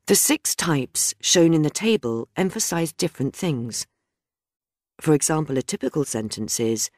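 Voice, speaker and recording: A woman reading a scripted grammar lesson in a measured, explanatory way. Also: sits low, sing-song, a little mellow, no room sound, studio quality. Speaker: grammar teacher. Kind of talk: scripted instructional narration.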